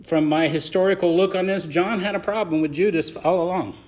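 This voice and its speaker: A man preaching as pastor of a church, swinging between loud emphasis and soft asides as he reads and explains scripture. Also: sits high, brisk. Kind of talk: sermon.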